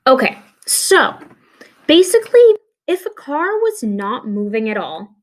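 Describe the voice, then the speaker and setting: Young adult woman teacher, chatty classroom explainer, fairly high voice, talks her way through with fillers and restarts. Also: big pitch swings, measured pace. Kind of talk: recorded science lesson.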